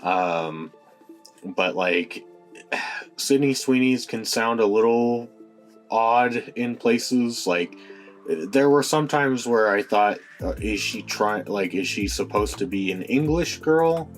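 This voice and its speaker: Guy reviewing a movie, kinda low voice, talks slow, lots of ums and likes, faint music behind. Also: lively intonation. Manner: hesitant, many fillers and restarts. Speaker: film reviewer. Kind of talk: casual spoken film review.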